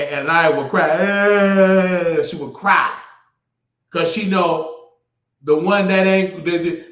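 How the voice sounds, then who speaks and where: A man's voice: a little high, a bit bright. A man hosting a live stream, talking casually and bluntly, mocking viewers and telling stories. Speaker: livestream host. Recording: echoey, slightly dull sound.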